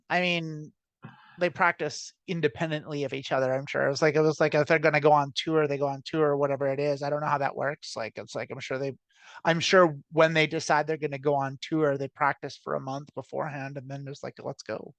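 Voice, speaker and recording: A woman's voice: deep voice, fairly even intonation, fairly quick, no room sound. A trans woman co-hosting a podcast, chatting casually in a rambling, filler-heavy way, laughing often and swearing freely. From United States. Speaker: podcast co-host. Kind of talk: casual chat.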